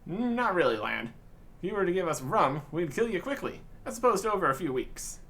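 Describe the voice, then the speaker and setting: A man voicing a rowdy undead male pirate captain from a fantasy game, talking gruff pirate talk and calling the hero lad. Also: high-pitched, very animated, brisk, a bit bright, heavily acted. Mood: menacing.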